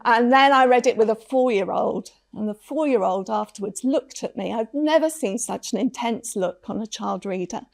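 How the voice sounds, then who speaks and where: Woman on a panel, earnest and thoughtful, slightly high voice. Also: moderate pace, gravelly, few pauses. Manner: earnest, reflective storytelling. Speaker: conference speaker on children's literature. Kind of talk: panel talk.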